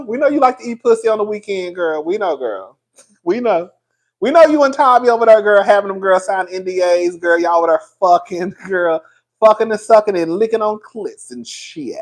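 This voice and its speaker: A young man hosting casual gossip commentary, animated and profane, laughing often. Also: sits high, normal speed.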